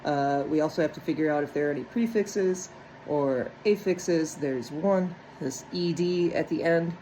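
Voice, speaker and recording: A woman's voice: low-pitched, moderate pace, warm tone, a little hiss or hum, rough recording. A woman walking step by step through a phonics lesson on breaking words into syllables, checking in often with "right?". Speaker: teacher.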